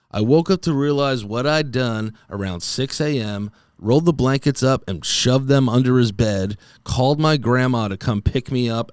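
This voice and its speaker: A podcast host in his thirties speaks at a medium pitch, his voice smooth and a little mellow in a dry recording. His comedic solo monologue wanders goofily, and "dude" comes up a lot.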